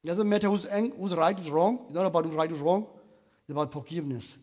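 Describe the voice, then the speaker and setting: A man sharing a personal testimony in church, halting with many restarts and fillers, rising to loud emphatic bursts. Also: on the high side. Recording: echoey hall with long reverb.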